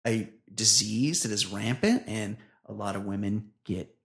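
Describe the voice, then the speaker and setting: A man's voice: fairly low pitch, measured pace, vocal fry. A man co-hosting a comedy podcast, talking loosely and crudely and reading listener emails aloud. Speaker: podcast co-host.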